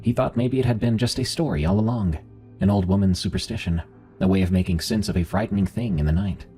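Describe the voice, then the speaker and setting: Male horror narrator, low and mellow, measured delivery, soft music bed. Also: husky. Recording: faint music underneath.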